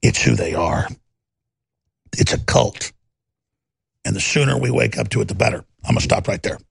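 A man's voice: lowish voice, moderate pace, no echo. A man delivering a combative, sarcastic political commentary monologue as a talk show host. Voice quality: gravelly.

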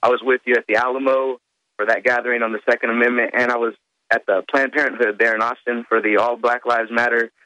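A man calling in to a talk radio show, picking his way through his points with many fillers and pauses. His voice is bright and forceful at an average pitch, and the sound is dry. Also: little pitch movement, no echo, lo-fi sound. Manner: hesitant, with frequent fillers. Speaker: caller. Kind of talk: phone-in talk radio call.

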